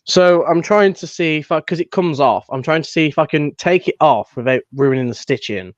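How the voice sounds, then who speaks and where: Young british guy rambling on about his fan series, bit high voice, dull muffled dry sound. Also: moderate pace, no echo. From United Kingdom. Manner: rambling, many restarts and fillers. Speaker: fan filmmaker guest. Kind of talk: casual chat.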